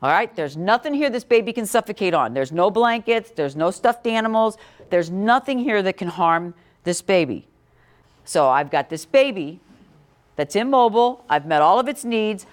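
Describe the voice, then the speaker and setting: A woman's voice: mid-range voice, animated, normal speed. A middle-aged woman teaching a classroom about infant care, talking directly and quizzing her students. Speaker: parenting educator. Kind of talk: classroom talk.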